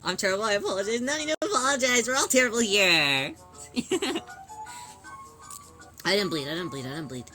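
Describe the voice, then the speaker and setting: A woman chatting casually on a livestream as she sews, playful and giggly, answering chat and whining in drawn-out yelps. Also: mid-range voice, lively intonation, pushed and bright, faint music behind. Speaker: streamer.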